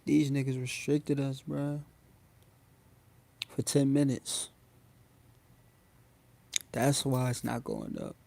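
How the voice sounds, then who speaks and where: A man's voice: medium pitch, little pitch movement, slow, creaky, long pauses, warm tone. A young man hosting a casual phone livestream, talking loosely in slang and addressing his viewers again and again. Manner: loose slangy talk, addresses chat often. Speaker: livestream host.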